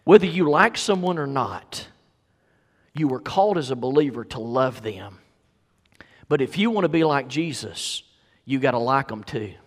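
A pastor preaching a sermon in a church, moving from quiet storytelling to rising, emphatic preaching. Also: male voice, medium pitch, animated, moderate pace, pauses often. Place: church sanctuary. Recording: long hall reverb.

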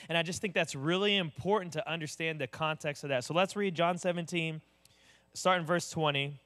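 A male pastor with a drawl and a slightly bright voice, pitched a little above the usual male range, delivers a sermon. He speaks plainly and conversationally, often putting direct questions to his listeners.

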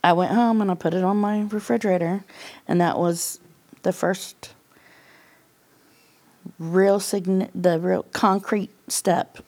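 Slow and steady, with long pauses, this middle-aged woman tells her personal testimony as a podcast guest. Her mid-range voice is a little mellow. She's a candid, casual storyteller who laughs a lot and performs the lines others spoke.

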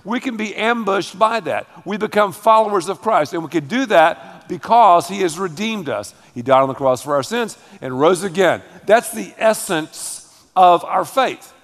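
A pastor preaching a sermon, emphatic and dramatic, calling on the congregation to repeat after him. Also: male voice, high voice, lively intonation, moderate pace. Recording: long hall reverb.

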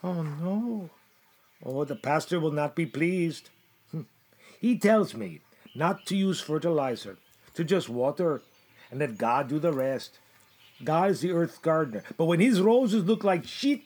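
Husky, fretful man. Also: on the high side, animated, measured pace, a little mellow. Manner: fretful, muttering to himself, fond with his plants. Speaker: comedic performer as a gardener. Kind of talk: comedy sketch monologue.

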